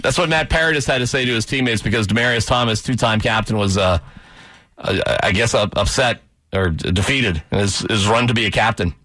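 A man's voice: on the low side, faint music behind. A man hosting a sports radio show, bantering casually and joking about the day's news. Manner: joking, animated, quick asides.

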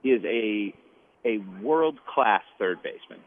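A man calling in as a guest to a sports radio show, halting and repeating phrases before he makes his point. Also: lowish voice, animated. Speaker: guest baseball insider. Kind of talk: sports radio phone interview. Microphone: phone. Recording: tinny phone line with faint hiss.

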